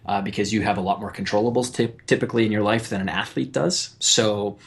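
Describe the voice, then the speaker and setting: A man who coaches athletes, talking on a podcast call from his child's bedroom into a mic on a shelf, relaxed and quick to laugh. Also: fairly low pitch, vocal fry. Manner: relaxed storyteller, laughs easily. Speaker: guest, performance coach. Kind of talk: remote interview. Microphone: desktop USB mic on a shelf.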